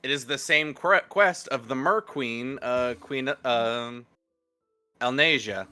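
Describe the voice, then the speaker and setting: A man's voice: medium pitch, slow, sharp tone, smooth, faint music behind. A man as game master on a live stream, narrating casually with hesitant fillers, recorded close to the mic at home.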